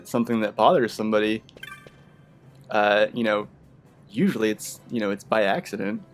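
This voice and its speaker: A young man giving casual, rambling gameplay commentary, full of filler words. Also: fairly low pitch. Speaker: let's play commentator.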